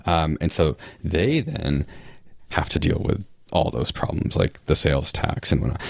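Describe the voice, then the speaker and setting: A man with an extremely low, deep voice chats as a guest on a podcast. He rambles through thoughts with lots of "like" and restarts, and drops the odd dry sarcastic aside. The sound is close and dry, with no room echo. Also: normal speed, vocal fry, darkish tone. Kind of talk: casual interview chat.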